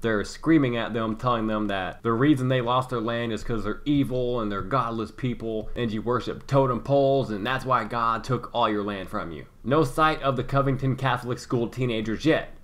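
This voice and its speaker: A man's voice: mid-range voice, moderate pace, few pauses, fairly bright tone. A man giving sarcastic commentary over news clips in a vlog. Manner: sarcastic, mocking. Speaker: political commentary vlogger.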